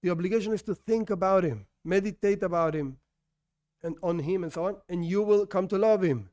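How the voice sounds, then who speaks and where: High-voiced man teaching a religious class. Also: fairly quick. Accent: non-native English speaker. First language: not English. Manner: conversational, animated, rhetorical questions and restarts. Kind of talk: informal religious lesson.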